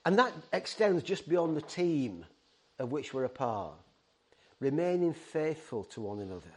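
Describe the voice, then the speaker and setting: A man's voice: on the high side, very animated. Earnest man preaching a sermon. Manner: earnest, halting with restarts, pleading. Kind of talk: sermon to a ministry team.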